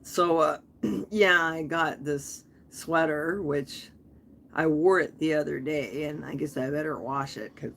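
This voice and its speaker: A woman's voice: sits low, measured pace, creaky, fairly bright tone, slight background noise, full character voice. A woman putting on a crude, oblivious saleswoman. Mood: offhand. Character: crude, oblivious woman selling clothes live.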